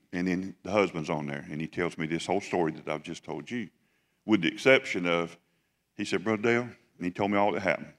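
A man's voice: deep voice, a little fast, fairly bright tone, big-room sound. A male pastor, telling a story in a sermon in a folksy, conversational way and joking with his congregation. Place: church sanctuary.

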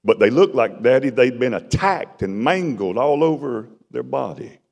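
A middle-aged man preaching a testimony, dramatic and storytelling, his voice swinging from loud to hushed. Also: medium pitch, lively intonation, moderate pace, gravelly. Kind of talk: sermon testimony. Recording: long hall reverb.

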